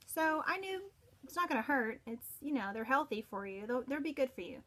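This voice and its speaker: Earnest middle-aged woman, halting testimonial. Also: sits high, lively intonation, fairly bright tone. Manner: earnest, halting, with frequent restarts. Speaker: parent giving a product testimonial. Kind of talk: personal testimonial.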